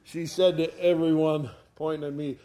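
A man's voice: on the high side, flat delivery, moderate pace, dark tone. A man preaching a sermon as pastor, telling stories in a folksy, homely way. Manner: folksy storytelling.

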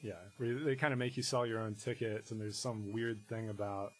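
A man, a musician guest in casual conversation, talking in a rambling, halting way full of restarts and fillers. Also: on the low side, fairly even intonation, slight background noise, poor audio.

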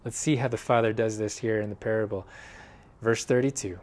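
A man preaching a sermon in an earnest way, swinging from loud emphasis to hushed, quiet phrases. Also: on the low side, steady tone, brisk. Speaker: pastor.

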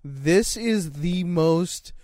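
Young dude chatting, kinda high voice, slangy and cussing, dry mic. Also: male voice, drawn-out words, mellow, dry recording. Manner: laid-back, slangy, swears, chimes in. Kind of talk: casual storytelling chat.

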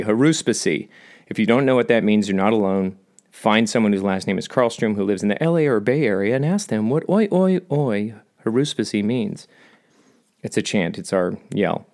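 Middle-aged man, lowish voice, casual vlog monologue, wandering and self-mocking. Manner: rambling, self-deprecating, jokey asides. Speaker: vlogger.

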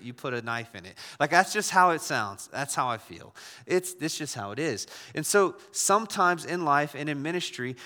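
Bright-voiced male pastor in a reverberant hall. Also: on the high side. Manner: conversational, with frequent restarts and repeated words. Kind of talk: sermon.

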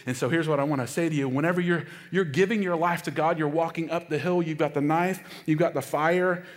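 A middle-aged male pastor preaching a sermon, stressing key phrases and calling on the congregation to repeat lines after him. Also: a little high. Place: church sanctuary. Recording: long hall reverb.

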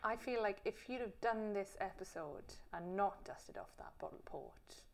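A woman's voice: medium pitch, lively intonation, moderate pace, gravelly. Playful female podcast co-host. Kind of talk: casual podcast chat.

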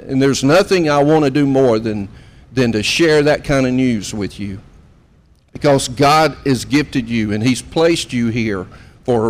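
A man's voice: medium pitch, big-room sound. A man in his fifties preaching a conversational sermon and putting questions to the room. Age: 50s. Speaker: pastor.

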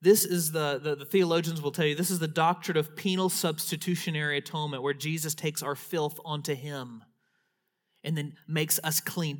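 A man delivers a sermon as a pastor. He builds to loud, emphatic declarations and then sinks into hushed, whispered lines for effect. He often repeats a word as he restarts a phrase. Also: on the high side, normal speed. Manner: repeats words when restarting.

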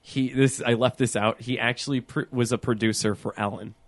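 A man's voice: mid-range voice, fairly even intonation, brisk. A man co-hosting a casual podcast, chatting about a horror film, laughing often and swearing casually. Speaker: podcast co-host. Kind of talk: casual film-commentary chat.

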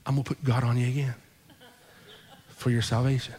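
Animated pastor preaching in a reverberant hall. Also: male voice, medium pitch, a little fast, slightly rough. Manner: animated, acts out both sides of conversations. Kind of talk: storytelling sermon. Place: church sanctuary.

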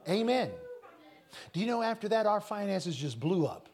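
A man ministering at a church Q&A, telling a personal testimony with frequent restarts and bursts of shouted scripture. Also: high-pitched, moderate pace. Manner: animated, rising to shouted scripture with audience call-outs; repeats and restarts words often.

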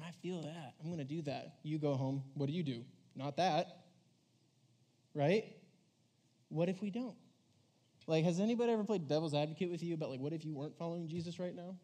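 A man preaching a casual sermon to a church audience, conversational and animated, acting out voices and saying "like" a lot. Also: on the high side. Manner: animated, conversational, acts out voices, says "like" often.

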